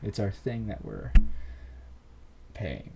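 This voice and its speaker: Mellow-voiced man coaching listeners. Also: on the low side, big pitch swings, slow, gravelly, slight background noise, poor audio. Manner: earnest, repetitive encouragement. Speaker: podcast host. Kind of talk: motivational monologue.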